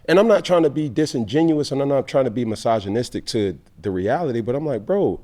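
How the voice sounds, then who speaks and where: A man's voice: medium pitch, lively intonation, quick pace, warm tone. A man hosting a casual sports podcast, talking emphatically and firing off rhetorical questions. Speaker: podcast host.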